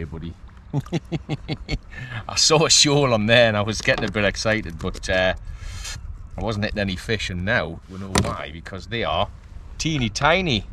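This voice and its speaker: Bloke filming himself fishing off a kayak, chatty and excitable, action cam mic, faint noise outdoors. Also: male voice, fairly low pitch. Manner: excitable, laughing, chatty self-talk. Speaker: kayak angler filming his fishing trip. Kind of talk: casual vlog commentary. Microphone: action camera mic.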